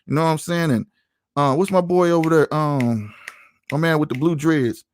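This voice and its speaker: A podcast host from St. Louis, USA, talks at a moderate pace in a voice on the high side. His casual chat is slangy and full of stories, peppered with lots of "you know what I'm saying."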